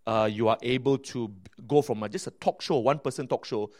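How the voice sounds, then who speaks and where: A man with a Malaysian English accent, a pastor telling stories in a sermon, chatty and animated with many fillers and restarts. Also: medium pitch, brisk. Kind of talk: sermon storytelling.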